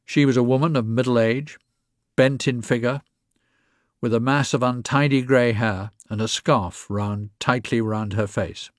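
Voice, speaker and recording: A man narrates a story in an even, measured voice at a middling pitch. The recording is dry, with no room sound around it. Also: no echo. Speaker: reader.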